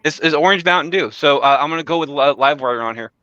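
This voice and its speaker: A man hosting a casual podcast bracket, giving rundowns in a crisp announcer-like manner. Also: fairly high pitch, quick pace, bright, forceful tone, dry recording, highs cut off. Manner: crisp announcer-style updates. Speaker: bracket host and scorekeeper.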